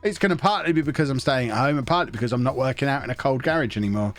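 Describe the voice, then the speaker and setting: A man's voice: medium pitch, very fast, soft background music. A man with a sniffly, stuffed-up nose, chatting casually and rambling through a live stream while he plays a management game.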